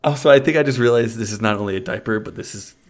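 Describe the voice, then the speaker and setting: A man's voice: on the low side, rapid-fire. A man hosting a comedy podcast, reading fan fiction aloud and breaking off with laughing asides. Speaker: podcast co-host.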